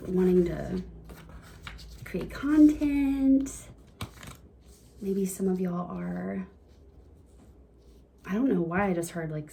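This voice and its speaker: A woman giving a casual, encouraging card reading to her viewers, chatty and quick to laugh. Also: mid-range voice, dark tone, a little hiss or hum. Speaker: tarot reader.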